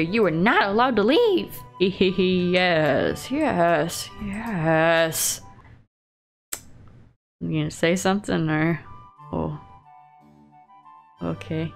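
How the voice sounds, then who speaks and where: A woman hosting a casual game video, chatting playfully and teasing the characters as she plays. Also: medium pitch. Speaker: gaming video host. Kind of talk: casual let's-play commentary. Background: faint classical music.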